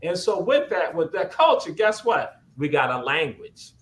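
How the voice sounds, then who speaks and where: This is a man with a Gullah Geechee Southern accent who hosts a talk show and lectures like a preacher. He keeps a high voice and keeps coming back to "guess what," rising as each point builds. The sound carries a roomy echo. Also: sing-song, normal speed, slight background noise. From Southern United States, Gullah Geechee. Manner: rousing, repeats "guess what" and climbs in pitch. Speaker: host.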